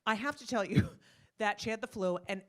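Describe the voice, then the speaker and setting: A woman's voice: medium pitch, normal speed. A middle-aged woman doing a stand-up comedy set in a club, brash and profane, acting out little scenes with voices. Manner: brash, animated, acts out voices, swears freely.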